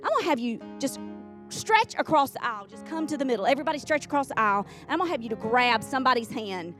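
A woman delivers a sermon from the pulpit in a somewhat high voice. She talks in a folksy way, repeats key lines for weight, and speaks straight to the congregation. Faint instrumental music plays underneath. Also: lively intonation, quick pace. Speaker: preacher. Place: church sanctuary.

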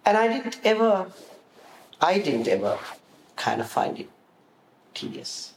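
A man answering interview questions, telling lively stories about his past and acting out the voices of the people in them. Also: sits high, takes it slowly. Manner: animated storyteller, acts out quoted voices. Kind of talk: reminiscing in an interview. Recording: roomy echo with faint room noise.

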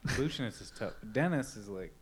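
A man's voice: mid-range voice, lively intonation, normal speed. A man chatting casually and joking with friends, laid-back, with many filler words. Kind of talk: casual chat.

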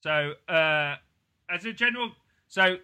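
A man's voice: high voice, animated, unhurried, bright, forceful tone, smooth. A man hosting a podcast in casual chat, laughing often and leading the segments. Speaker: podcast host.

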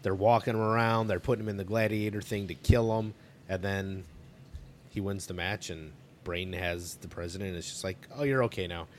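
A man's voice: low-pitched, flat delivery, moderate pace, a little hiss or hum. A man co-hosting a podcast, chatting casually about a movie in a laid-back, blunt way. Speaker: podcast co-host.

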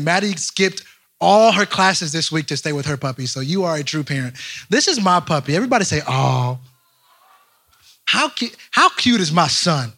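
A young man giving an animated, joking storytelling talk to a young crowd, addressing them directly. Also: on the high side, slightly rough. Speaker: youth speaker.

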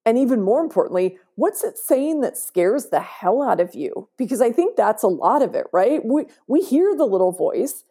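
Woman guest on an interview podcast, warm and mellow tone, earnest and emphatic. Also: on the high side, very animated, normal speed, few pauses, husky. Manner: earnest, emphatic, often asks "right?". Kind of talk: conversational interview.

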